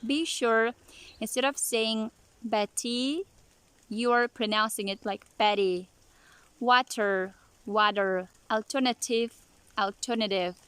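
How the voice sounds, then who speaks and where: A woman teaching pronunciation, repeating example words slowly and deliberately. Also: mid-range voice, a bit bright, clear, resonant tone. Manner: slow and deliberate, drawing out each example word.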